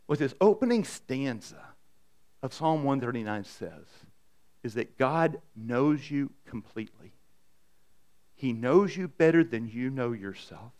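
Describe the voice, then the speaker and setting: A man preaching a sermon to a congregation in a conversational, animated way, often asking the room questions. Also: mid-range voice, unhurried. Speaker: pastor. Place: church in front of a congregation.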